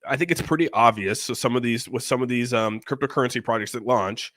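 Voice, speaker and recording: A man's voice: mid-range voice, quick pace, fairly bright tone, no echo, studio quality. A man in casual podcast chat, blunt and profane, rambling with lots of restarts.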